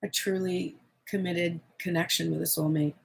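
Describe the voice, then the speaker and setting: A woman giving a channeled tarot reading in a candid, expressive way, swearing freely as she speaks. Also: on the low side, moderate pace, creaky, slightly rough. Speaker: tarot reader.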